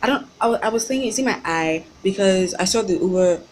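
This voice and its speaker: A woman's voice: medium pitch, lively intonation, quick pace, a little hiss or hum, poor audio. A young woman with a Nigerian accent, telling an exasperated story in a ranting vlog. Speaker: vlogger.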